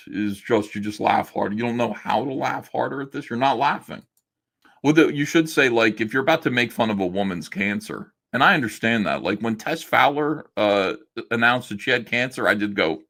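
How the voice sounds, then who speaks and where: A man's voice: medium pitch, expressive, brisk, vocal fry, a bit bright. A man hosting a livestream from home, ranting in a sarcastic, mocking, rambling way. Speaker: livestream host. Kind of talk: casual livestream rant.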